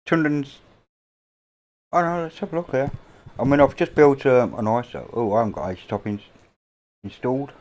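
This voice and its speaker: A middle-aged man with an English accent, hosting a casual livestream chat from a home, rambling and offhand with casual swearing, on a boom-mounted mic. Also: steady tone, moderate pace, long pauses, darkish tone. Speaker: livestream host. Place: indoors at a home. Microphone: boom-mounted microphone.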